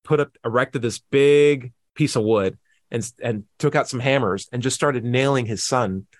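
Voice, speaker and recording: A man's voice: mid-range voice, normal speed, no echo, studio quality. A man in casual podcast chat, arguing with sarcasm and acting out quoted people in mocking voices.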